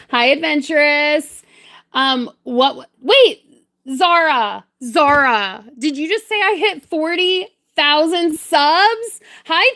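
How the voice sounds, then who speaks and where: Bubbly high-voiced woman. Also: sharp tone. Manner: bubbly, greets and thanks viewers; giggly. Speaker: livestream crafter. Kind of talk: casual livestream chat.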